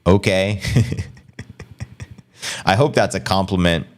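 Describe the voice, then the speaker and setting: A middle-aged American man hosting a casual crypto livestream, energetic and slangy, reading and answering viewer comments. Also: sits low. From United States. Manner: energetic, fast-paced, slangy.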